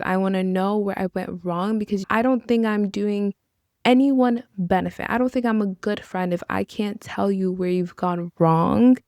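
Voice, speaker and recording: A young woman hosting a podcast delivers a reflective monologue in an earnest, encouraging tone, dropping in casual asides. Her voice is medium in pitch with a darkish tone, recorded in clean studio sound with no echo.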